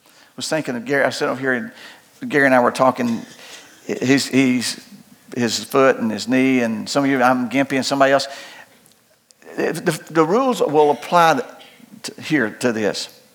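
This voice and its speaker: An older man preaching a sermon as pastor, folksy and humorous, moving between loud preaching and low asides. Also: normal speed, pauses often.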